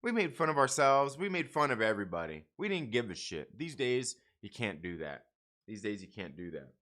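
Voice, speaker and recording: Blunt, bright-voiced rambling man. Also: mid-range voice, very animated, a little fast. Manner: blunt, rambling, profane, restarts often. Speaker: comic book channel host. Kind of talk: casual livestream rant.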